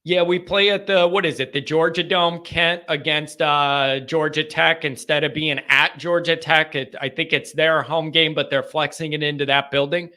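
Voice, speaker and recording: A man hosting a live call-in fan show, chatting casually and breaking into joking, animated rants. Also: on the high side, normal speed, few pauses.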